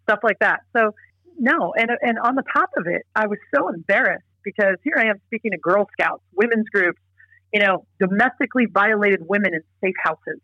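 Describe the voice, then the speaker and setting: A woman's voice: mid-range voice, normal speed, sharp tone, no room sound, muffled recording. A middle-aged woman speaking as an interview guest. She talks earnestly and emphatically, often restarting her sentences. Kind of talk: casual interview talk.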